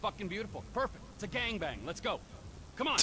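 A man's voice: high-pitched, very animated, fast talker, heavy background noise. An actor playing a volatile, crude male criminal in a video game, talking in abrupt, profane, manic swings.

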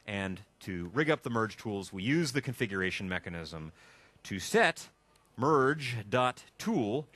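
Animated man teaching a live workshop. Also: fairly low pitch, no room sound. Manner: joking, chatty, thinks aloud while typing. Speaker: instructor. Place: classroom with a live audience.

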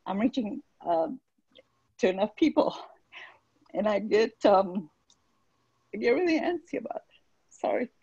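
A woman's voice: fairly high pitch, darkish tone, breathy edge, no room sound, dull audio. A woman on a video call asking a question hesitantly, with many restarts and apologies. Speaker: team member asking a question.

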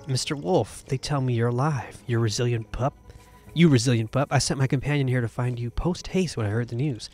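A man's voice: mid-range voice, fairly quick, darkish tone, faint music behind, lightly acted. A man reading a threatening letter aloud as a wealthy, menacing male boar villain in a video game, with plain read-aloud delivery. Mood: mock menacing.

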